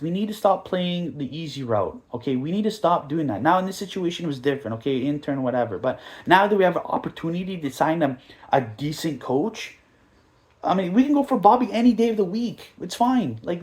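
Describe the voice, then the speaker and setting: A man hosting a casual soccer podcast, talking in an animated, mocking, rambling way, full of asides and mimicked quotes. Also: high-pitched. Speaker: podcast host.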